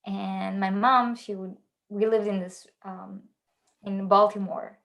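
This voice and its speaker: A woman's voice: mid-range voice, fairly even intonation, takes it slowly, vocal fry, fairly bright tone. A woman chatting as a guest on a video call, giggly and rambling as she tells stories. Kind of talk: casual video chat.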